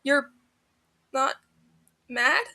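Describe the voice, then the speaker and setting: A woman's voice: sits high, steady tone, a bit bright, pitched above the performer's own voice. Woman voicing a shaky, tearful young man. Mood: fragile. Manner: shaky, halting, broken-up speech.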